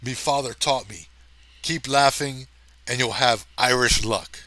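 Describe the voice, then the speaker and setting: A man voicing a huge, brawny male space ranger in a storybook reading, gruff and teasing, in a mostly plain voice. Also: medium pitch, unhurried, bright, forceful tone, dry recording, rough recording. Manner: gruff, teasing, meant as Irish but plain.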